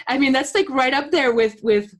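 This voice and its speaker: A woman co-hosting a casual live-stream chat, speaking in a friendly, conversational way. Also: sits high. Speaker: co-host.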